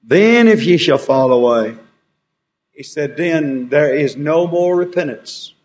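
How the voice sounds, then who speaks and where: A man's voice: on the high side, lively intonation, slow, darkish tone. A man preaching a sermon, quoting scripture with rising and falling emphasis.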